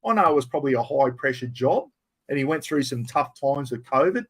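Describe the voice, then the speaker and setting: Answering questions from his viewers on a laid-back live stream, a middle-aged Australian man comes across as blunt, rough-spoken and matey. He talks a little fast in a mid-range voice with lively intonation.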